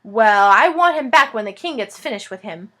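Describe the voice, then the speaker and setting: Boastful little storybook dragon, eager and self-satisfied, a bit high; a woman reads it. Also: lively intonation, normal speed, sharp tone. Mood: pleased. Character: small boastful hungry young dragon.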